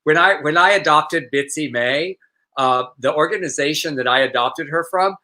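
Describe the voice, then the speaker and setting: A man's voice: on the high side, moderate pace, pushed and bright, low-quality recording. A man, co-hosting a casual live-streamed talk show, chatty and prone to restarting his sentences.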